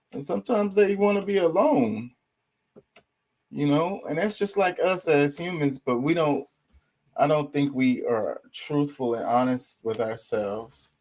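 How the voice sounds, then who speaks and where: A man's voice: medium pitch, darkish tone. Chill guy going on about pets, cussing, lots of likes and you knows. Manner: rambling, profane, laid-back, lots of fillers. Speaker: streamer. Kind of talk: casual opinion talk.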